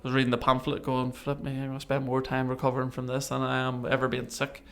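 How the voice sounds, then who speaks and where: Male guest, gravelly, mid pitch, animated storyteller. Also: fast. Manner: animated, acts out remembered dialogue. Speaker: podcast guest. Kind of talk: casual storytelling interview.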